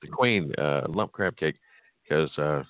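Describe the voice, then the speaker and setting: A man's voice: extremely low pitch, animated, a little slow, no echo. A middle-aged man, hosting a call-in radio show with boastful, joking trash talk and frequent laughter. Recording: tinny phone-like audio.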